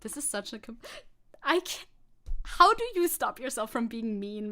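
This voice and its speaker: A woman with a non-native accent chatting on a livestream at a desk mic, her fairly high voice swinging widely in pitch. She rambles, laughs at herself and restarts sentences often. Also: lively intonation, moderate pace, vocal fry, sharp tone. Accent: non-native English accent. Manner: rambling, self-mocking, frequent laughs and restarts. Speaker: VTuber streamer. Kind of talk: casual livestream chat reacting to a video.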